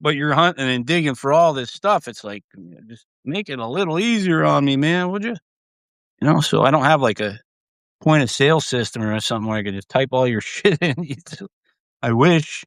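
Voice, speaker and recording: A man's voice: mid-range voice, fairly quick, creaky, fairly bright tone, no room sound, clean studio sound. A man hosting a livestream, talking in a casual, rambling way, swearing freely and laughing often. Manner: profane, laughs often, trails off and restarts. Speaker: livestream host.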